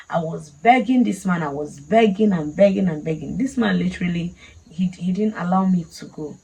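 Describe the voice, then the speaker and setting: A woman's voice: fairly low pitch, moderate pace, creaky, dark tone, poor audio. A woman with a Nigerian accent, telling a personal story casually and animatedly, laughing often. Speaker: vlogger.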